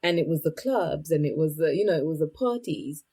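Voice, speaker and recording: A woman's voice: low voice, animated, a little fast, mellow, breathy edge, poor audio. A woman from Zimbabwe speaking as a podcast guest, reflective and searching for words as she talks. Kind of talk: personal interview talk.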